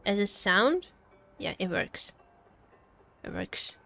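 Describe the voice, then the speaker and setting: A woman's voice: medium pitch, big pitch swings, takes it slowly, creaky, long pauses, fairly bright tone, soft background music. A woman streamer chatting casually while playing, giggling and fussing over her setup. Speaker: game streamer. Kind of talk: casual gameplay chat.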